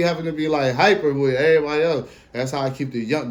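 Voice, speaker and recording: A man in his late twenties hosting a casual solo podcast, slangy and animated, swinging between a hyped voice and a low drawl. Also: quick pace, hardly any pauses, slight background noise. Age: 20s. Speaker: podcast host.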